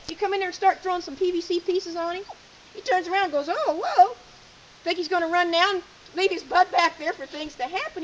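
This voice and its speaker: A woman's voice: extremely high pitch, a bit bright, muffled recording, a little hiss or hum. A woman teaching a sheepdog handling lesson outdoors in a field, talking in a folksy, direct way and giving short commands. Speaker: sheepdog training instructor. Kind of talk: hands-on coaching lesson.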